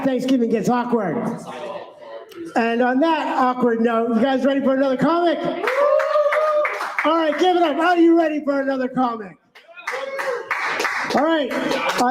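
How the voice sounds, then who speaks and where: High-voiced male MC over a lively crowd. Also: moderate pace, pauses often. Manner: loose, crude joking before a hyped introduction. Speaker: host and MC. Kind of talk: stand-up and introducing comics. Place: comedy club stage with audience. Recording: roomy club with a loud crowd.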